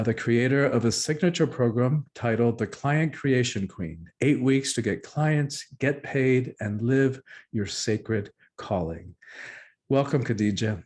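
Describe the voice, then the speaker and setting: A man's voice: mid-range voice, a little mellow. Man hosting with polished formal intros. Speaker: host. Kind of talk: scripted show opening, then interview questions.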